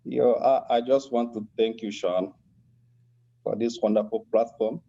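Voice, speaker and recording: Soft-spoken Nigerian man on a dull line. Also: medium pitch, fairly even intonation, measured pace, creaky, breathy edge. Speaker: caller. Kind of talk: call-in conversation. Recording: dull lo-fi call audio.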